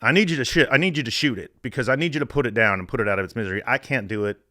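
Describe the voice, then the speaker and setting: A man's voice: medium pitch, racing, sharp tone, no echo, clean studio sound, close to an everyday voice. A man doing a plainspoken old rancher. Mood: matter-of-fact. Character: plainspoken rural male ranch owner.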